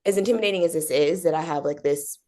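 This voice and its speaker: A woman's voice: low-pitched, fast talker, mellow. A young woman answering interview questions in a bubbly, chatty way, with many fillers and acted-out quotes. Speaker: actor being interviewed.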